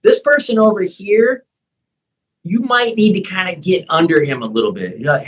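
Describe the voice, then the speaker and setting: A middle-aged man with a fairly high-pitched voice speaks as a guest in a relaxed interview. He is a personal trainer who talks animatedly and slips into the voices he uses to coach people. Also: moderate pace, poor audio. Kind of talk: conversational interview. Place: Thailand.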